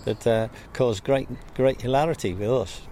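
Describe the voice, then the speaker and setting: Old english bloke telling funny stories outside, light traffic hum behind. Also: male voice, mid-range voice, moderate pace, dark tone. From England. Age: older. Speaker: interviewee. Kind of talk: anecdotal casual conversation. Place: outdoors by a church in a town.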